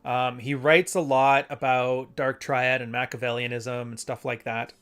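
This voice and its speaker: A man's voice: mid-range voice, little pitch movement, a little slow, a bit bright, clear, resonant tone. A man hosting a casual solo show, talking in a loose, rambling way and reading passages aloud. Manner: rambling, conversational, self-correcting. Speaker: podcast host.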